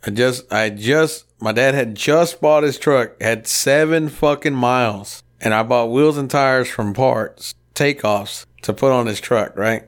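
A man's voice: mid-range voice, unhurried, few pauses. Profane, rowdy man telling shop stories. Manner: profane, rowdy storytelling with acted-out quotes. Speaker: podcast co-host. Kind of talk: casual chat.

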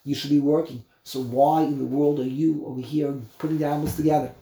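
A man teaching a Torah class, explaining verses and commentary in an animated way that acts out the voices of the people in the text. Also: a little high, fast, echoey room. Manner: animated, acts out voices, switches between Hebrew and English.

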